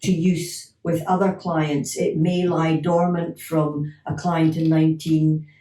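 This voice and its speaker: Middle-aged woman hypnotherapist, mellow lively storyteller, recorded in an echoey room a little off the mic. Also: low voice, takes it slowly, far from the mic. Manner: lively anecdotes with acted-out dialogue and laughter. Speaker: clinical hypnotherapist. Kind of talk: storytelling in an interview.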